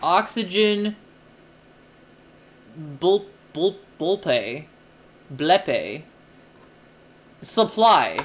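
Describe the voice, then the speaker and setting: A woman's voice: on the low side, lively intonation, extremely slow, pauses often. A young woman streamer commentating live on a game, flustered and joking, with lots of exclamations.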